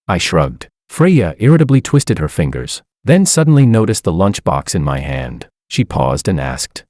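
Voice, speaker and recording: Low-voiced man narrating a story. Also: huge pitch swings, moderate pace, hardly any pauses, a little mellow, dry recording, clean studio sound. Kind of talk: first-person story narration.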